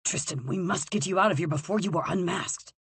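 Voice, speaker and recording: A man's voice: high voice, brisk, fairly bright tone, breathy edge, dry recording, heavily acted. A woman voicing a worried older father, a nobleman who pleads earnestly. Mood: pleading.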